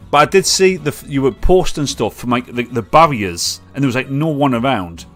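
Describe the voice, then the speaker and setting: A man's voice: a little high, sing-song, moderate pace, a bit bright, soft background music. A man with a Mackem accent hosting a casual live-stream chat, rambling and swearing freely. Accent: Mackem (Sunderland).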